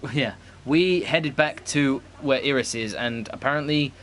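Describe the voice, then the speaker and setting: A man's voice: mid-range voice, normal speed, fairly bright tone, slight background noise. A man streaming a video game, chatting casually with friends and swearing freely as he rambles. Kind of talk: casual chat over gameplay.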